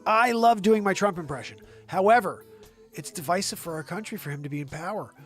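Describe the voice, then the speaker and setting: A man's voice: high voice, expressive, fairly quick, fairly bright tone, faint music behind. A man hosting his own online show, ranting about politics in a heated, profane and sarcastic way.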